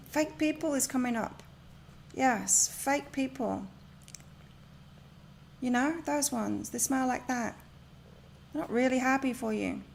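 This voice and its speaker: A woman's voice: fairly high pitch, vocal fry, slight background noise. A woman reading tarot and oracle cards on a live stream from her home, chatting and rambling as she gives spiritual advice. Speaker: tarot and oracle card reader.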